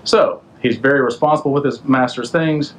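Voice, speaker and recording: A man's voice: medium pitch, moderate pace, poor audio. Offhand, slangy male storyteller. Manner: slangy, offhand retelling with rhetorical questions. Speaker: podcast host. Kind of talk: casual storytelling.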